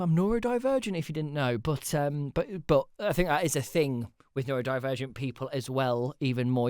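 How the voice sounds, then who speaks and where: A man's voice: medium pitch, a little mellow, dry recording, clean studio sound. A man hosting a casual solo podcast, rambling and self-deprecating, with the odd swear word. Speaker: podcast host.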